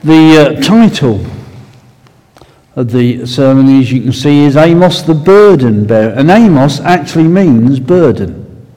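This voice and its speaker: Preacher, male, Essex accent, mellow low-key sermon delivery, long hall reverb. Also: animated. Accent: Essex English. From Essex, England. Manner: unhurried, conversational, with fillers and asides. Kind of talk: sermon with prayer.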